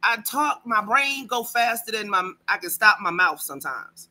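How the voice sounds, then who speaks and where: Bright, forceful woman scolding on a panel. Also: medium pitch, lively intonation, moderate pace. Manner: confrontational, scolding. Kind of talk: heated livestream panel argument.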